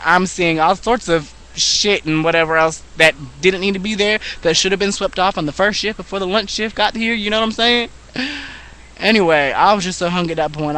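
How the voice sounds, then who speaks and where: Young guy telling a story, high bright voice, sassy and swearing a lot. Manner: sassy, profane, dramatic and gossipy. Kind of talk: casual storytelling monologue.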